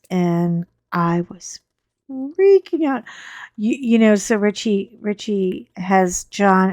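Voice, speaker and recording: A middle-aged woman, hosting a crafting channel and telling rambling, animated stories while she works. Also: mid-range voice, no room sound, clean studio sound. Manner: chatty, rambling, animated storyteller. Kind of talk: casual storytelling while crafting.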